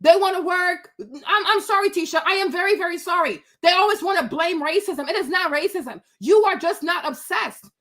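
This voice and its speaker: A woman with a high voice rants bluntly about business and work ethic, talking straight to her viewers. Her delivery is animated and loose, packed with "you know" and restarts. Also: moderate pace, hardly any pauses. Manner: blunt, animated, many fillers and repeats. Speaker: commentator on a live stream. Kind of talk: casual opinion rant, replying to chat.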